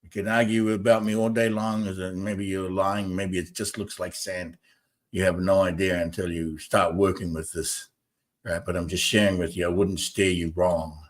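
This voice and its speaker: A man's voice: low voice, level tone, normal speed. Emphatic man hosting a spiritual talk show. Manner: emphatic, repetitive, argues with viewers. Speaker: host.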